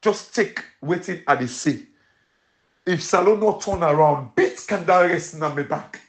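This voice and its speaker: Male host, Sierra Leonean Krio accent, fairly high voice, impassioned pidgin-English commentary. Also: measured pace. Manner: rallying, repetitive exhortations.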